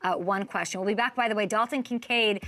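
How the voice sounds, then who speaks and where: A woman's voice: medium pitch, fast talker, pushed and bright, soft background music. A woman hosting a live sports talk show, upbeat and giggly, often talking over her guest.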